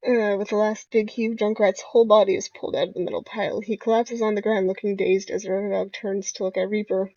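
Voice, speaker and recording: A woman's voice: medium pitch, flat delivery, brisk, hardly any pauses, dark tone, dry recording. A young woman reading a dating game's text aloud, with casual asides. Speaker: game player reading aloud. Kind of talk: let's-play narration. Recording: dull lo-fi home recording.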